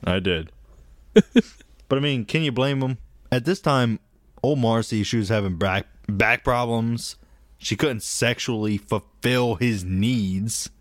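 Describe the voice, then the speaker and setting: A man's voice: medium pitch, takes it slowly, dry recording, clean studio sound. A man co-hosting a podcast, casually recounting a story in a laid-back, crude way. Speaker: podcast co-host.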